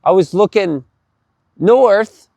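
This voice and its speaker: A man's voice: sits high, animated, slow pace, creaky, a little mellow, no echo, pitched above the performer's own voice, full character voice. A man imitating a flustered, apologetic used car salesman in a raised voice. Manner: pleading, repeats buddy.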